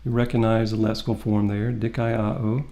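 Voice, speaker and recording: A man teaching a Greek translation lesson. He explains the grammar step by step and reads the Greek aloud slowly. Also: fairly low pitch, level tone, mellow. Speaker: Greek instructor. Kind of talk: classroom lecture.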